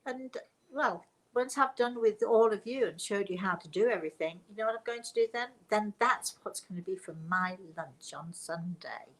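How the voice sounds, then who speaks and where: A woman's voice: mid-range voice, moderate pace, poor audio. An older woman chats off the cuff, her stories running on and doubling back. She laughs easily as she goes. Her voice comes through a computer mic on a live stream. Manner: chatty and rambling, laughing often. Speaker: host, spiritual medium and author. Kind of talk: casual live-stream chat.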